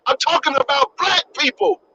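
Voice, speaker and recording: A man hosting a podcast live stream, his voice pushed very high and sharp-edged as he rants with a preacher's repetition and plenty of swearing. The audio is dull and lo-fi, with faint background noise. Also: normal speed. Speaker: podcast host. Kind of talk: impassioned live-stream rant.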